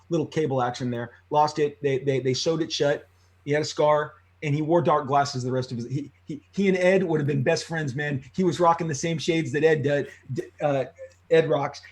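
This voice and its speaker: A man in his fifties from Southern California, energetically telling personal stories as an interview guest, with frequent restarts and loud exclamations. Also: on the high side. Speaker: interview guest, comic creator. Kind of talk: animated storytelling in a long interview.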